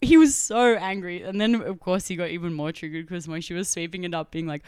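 Animated Australian woman telling a story. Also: on the low side, a little fast, hardly any pauses, clean tone, no room sound, studio quality. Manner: animated, laughing, acts out quotes. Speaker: podcast co-host. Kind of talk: casual storytelling chat.

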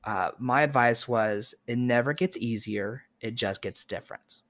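A man guesting on a casual podcast, telling playful, animated stories. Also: medium pitch, a little slow.

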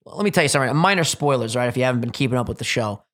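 A young man hosting a casual podcast, animated and swearing freely, acting out quotes as he tells stories. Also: medium pitch, racing. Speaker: podcast host.

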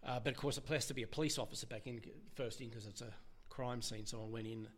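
A middle-aged man with an Australian accent, a former police officer telling his story as an interview guest, halting and emotional, often restarting his sentences. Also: fairly even intonation. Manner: halting, restarts often, voice drops low when quoting others. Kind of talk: candid personal storytelling.

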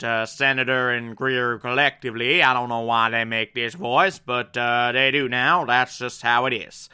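A man casually and excitably recapping a TV episode, acting out the characters as he goes. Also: mid-range voice, moderate pace, hardly any pauses, smooth. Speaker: TV show recapper.

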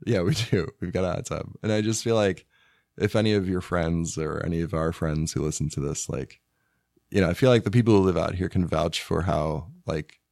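Deep gravelly man, hoarse and laid-back. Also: brisk, darkish tone, no echo, clean studio sound. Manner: laid-back, rambling, joking. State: hoarse from illness. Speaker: podcast guest, spouse of host. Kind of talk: casual chat. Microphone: studio microphone.

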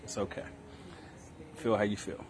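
A man's voice: moderate pace, slight background noise. A man in the military telling a story in casual chat, laid-back and drawn out. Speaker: military service member.

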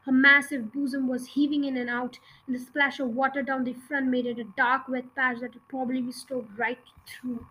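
High-voiced woman reading a children's book. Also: level tone, moderate pace, hardly any pauses, bright, forceful tone, breathy edge, rough recording. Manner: reads with occasional slips and restarts. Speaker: audiobook reader. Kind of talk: reading a children's novel aloud.

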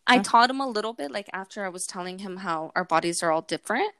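A woman's voice: medium pitch, quick pace, smooth, no echo, studio quality. A woman hosting a podcast, chatting casually and acting out bits of dialogue as she tells stories. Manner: animated storyteller, acts out dialogue with her son. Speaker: podcast host. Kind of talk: casual chat.

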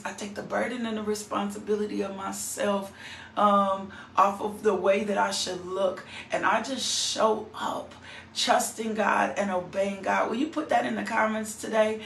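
Woman minister, gravelly, fervent devotional preacher, distant roomy mic. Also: mid-range voice, a bit bright. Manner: fervent, greets viewers by name from the comments. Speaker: minister hosting an online devotional.

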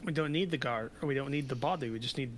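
A man's voice: mid-range voice, quick pace, a loud crowd. Man correcting others at a game table. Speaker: player. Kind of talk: casual tabletop game chat.

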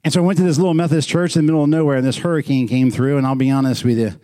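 Conversational male pastor with a warm voice. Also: medium pitch, fairly even intonation, very fast. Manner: conversational, prods the congregation with questions; repeats words for emphasis. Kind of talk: sermon. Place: small church.

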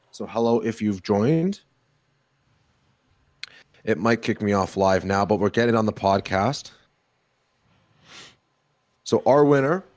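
A man's voice: on the low side, a little mellow, dry recording. A young man hosting a casual podcast, upbeat and joking with his co-host, recorded on a studio mic. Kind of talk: casual chat.

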